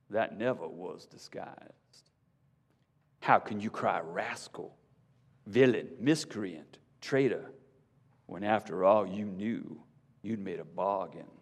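A preacher puts on a fat, sly storybook alligator, pompous and mock-wounded. He speaks slowly, with long hall reverb behind him. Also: on the low side, heavily acted. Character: smug bloated male alligator, sly and indignant.

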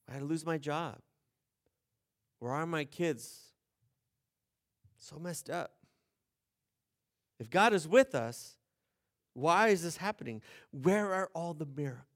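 A male pastor preaching a sermon, earnest and direct, often turning to ask the congregation questions. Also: a little high. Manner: earnest, shifts between hushed and emphatic, asks the congregation questions.

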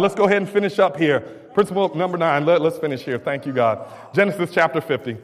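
A man preaching a sermon with call and response, dropping low and quiet, then building up to shouting. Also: quick pace, few pauses. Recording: long hall reverb.

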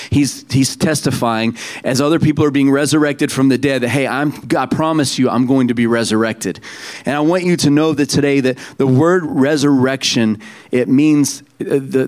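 Middle-aged male pastor, casual preaching voice, mid pitch, loose and talky with restarts. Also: steady tone, moderate pace, a little mellow. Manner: conversational preaching with frequent restarts and asides. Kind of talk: sermon.

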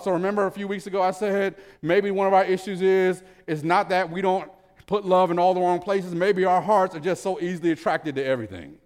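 A male pastor preaching a sermon in a church, animated, swinging between loud emphasis and soft low asides. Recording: reverberant church hall.

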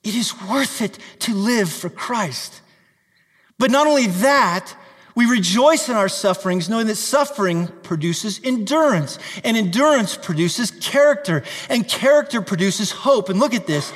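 A man's voice: high voice, expressive, measured pace, a bit bright, big-room sound. A man preaching a fervent sermon, reading scripture aloud and pleading with listeners. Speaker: pastor.

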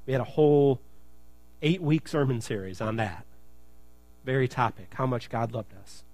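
A man's voice: medium pitch, animated, moderate pace, darkish tone. A male pastor preaching a sermon in church, chatty and joking, then building to emphatic repetition.

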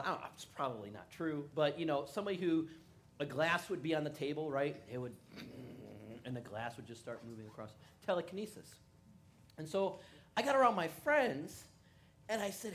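A man preaching a sermon, who prays and tells personal stories, acting out the voices of the people in them. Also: a little high. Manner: animated storyteller who acts out quoted voices. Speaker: pastor. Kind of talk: sermon with storytelling.

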